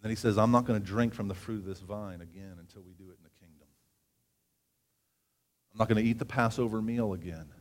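A man preaching a sermon, reading scripture aloud with asides and often rising in pitch and volume for emphasis. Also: fast talker, pauses often.

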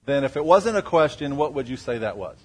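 A man's voice: mid-range voice, very animated, fairly quick, slightly rough. Man preaching a conversational sermon. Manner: conversational, asks the congregation questions. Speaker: pastor. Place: church before a congregation.

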